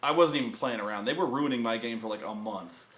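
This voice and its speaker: A man hosting a show, telling a tabletop gaming story in a casual, profane rant and acting out the players in loud bursts. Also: mid-range voice, fast, echoey room. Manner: profane, animated, acts out players and himself in shouted bursts.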